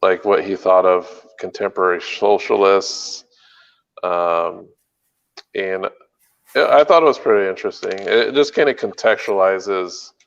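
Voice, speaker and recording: A man with a low, smooth voice talks loosely on a podcast, pausing with lots of ums and likes. The recording has a slightly muffled, lo-fi quality. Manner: rambling, hesitant, many fillers. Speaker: podcast co-host. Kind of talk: casual chat.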